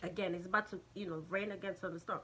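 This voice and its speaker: A woman's voice: fairly low pitch, fairly even intonation, fast, pushed and bright, husky. A woman with a Jamaican accent telling a casual storytime, rambling, swearing and restarting sentences often. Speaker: vlogger.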